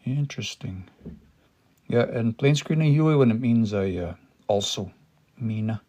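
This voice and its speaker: On a casual livestream, a man teaches Cree, thinking out loud with fillers and restarts as he sounds words out syllable by syllable. His mid-range voice is mellow and a little slow, and the audio is dull.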